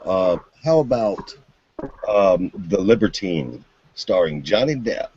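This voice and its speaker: A man's voice: low-pitched, expressive, slow, a little mellow, a little hiss or hum. A man in casual chat with friends, playful and jokingly polite, with a mock-pious turn of phrase. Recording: dull lo-fi dry recording.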